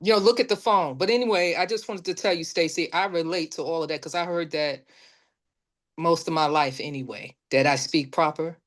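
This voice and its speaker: A woman from Brooklyn sharing a casual personal anecdote in an animated, chatty way. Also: sits low, fairly quick. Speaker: participant.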